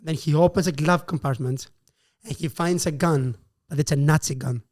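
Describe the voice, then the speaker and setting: A Greek-born man, a guest comedian, riffs on a story in rapid, animated bursts. He slips the characters' lines into his telling, and his voice sits somewhat higher than most men's. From Greece. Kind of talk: casual improvised storytelling.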